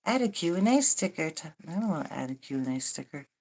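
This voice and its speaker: Rambling older woman, low wry voice. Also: big pitch swings, fast talker, darkish tone. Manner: rambling, wry and self-mocking, swears casually. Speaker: livestream host. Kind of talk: casual livestream chat.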